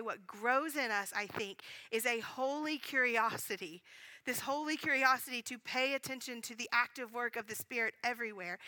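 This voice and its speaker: A woman preaches a sermon with a bright, fairly high voice, telling a story in an earnest, animated way and restarting her sentences often. The sound is close and dry, with almost no room echo.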